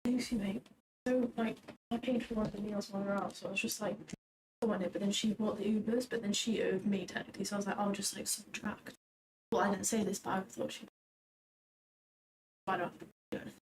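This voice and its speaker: A woman's voice: medium pitch, fairly even intonation, quick pace. A woman chatting offhand with a friend, rambling and playful. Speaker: friend in the room. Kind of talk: casual chat. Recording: noisy room.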